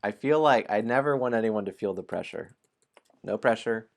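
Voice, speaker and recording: This game-stream host has a lowish, creaky voice and talks at a moderate pace. He laughs frequently as he jokes and apologizes to viewers, and he also narrates a story aloud in between the casual chatter.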